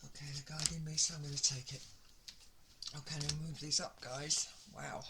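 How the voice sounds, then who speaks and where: A woman's voice: sits low, little pitch movement, moderate pace. A woman giving a casual tarot reading, chatting and talking to herself as she lays out the cards. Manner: chatty, talks to herself while laying out cards. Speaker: tarot reader. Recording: loud background noise with card shuffling.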